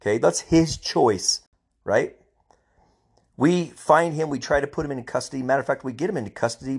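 A man's voice: mid-range voice, vocal fry, breathy edge. A middle-aged man, a police officer, ranting angrily on his own podcast, emphatic and repeating himself. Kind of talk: personal podcast rant.

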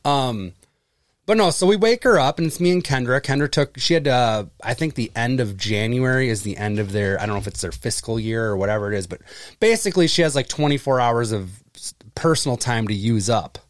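A man in his thirties chats casually on a podcast, swearing easily and acting out the people in his anecdotes. His voice sits at an ordinary middle pitch. The recording is dry and close, with no room sound. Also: lively intonation, brisk, dry recording. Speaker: podcast co-host. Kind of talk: casual chat.

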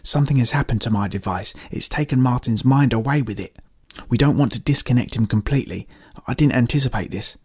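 Man playing a calm practical woman inventor, husky and mellow, storybook. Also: mid-range voice, a little fast, no room sound, clean studio sound. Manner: calm, instructive.

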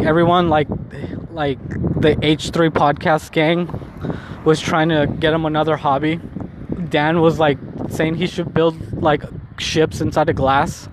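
A young man talks into his phone as he walks through the city, chatting loosely and packing his sentences with "like." His voice sits a touch high for a man. Street traffic and city noise come through clearly on the phone recording. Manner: rambling, heavy use of "like". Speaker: vlogger. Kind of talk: casual walking vlog monologue.

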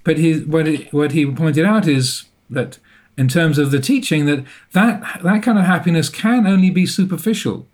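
A man with a somewhat high voice tells a personal story as an interview guest. He is reflective and self-deprecating, and often pauses to rephrase. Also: a little mellow.

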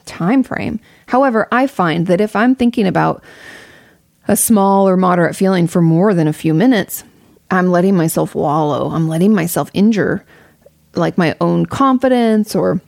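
A woman's voice: medium pitch, gravelly, a little mellow, no echo, studio quality. A young woman giving casual advice to her viewers, candid and rambling, swearing freely. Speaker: streamer answering a viewer question.

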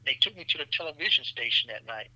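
A man, a physician guest, telling stories in an animated, profane way, laughing often and calling the listener "man" and "brother". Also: medium pitch, quick pace, dry recording, poor audio. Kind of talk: animated storytelling in a podcast interview.

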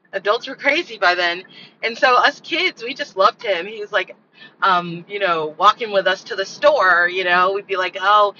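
A woman with a strikingly bright voice tells a personal story in a loose, rambling way, laughing often as she goes. Her delivery is animated and casual. The recording sounds dull and lo-fi, with faint traffic in the background. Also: on the low side. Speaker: podcast host.

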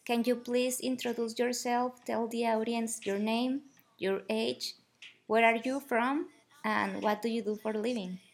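Mexican-accented woman host, gravelly edge. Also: a little high, fairly even intonation, a little slow. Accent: Mexican Spanish. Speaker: podcast host. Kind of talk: scripted podcast hosting.

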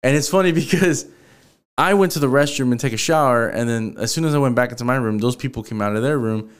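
A man's voice: medium pitch, fast talker, smooth. A man hosting a solo podcast, telling a story in a casual, profane way and acting out the other people's lines. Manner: profane, animated, acts out quoted dialogue. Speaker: podcast host.

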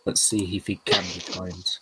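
A man's voice: low-pitched, little pitch movement, moderate pace, background noise. A man playing a tabletop game, talking casually with hesitant fillers. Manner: hesitant, full of hedges and fillers. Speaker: player.

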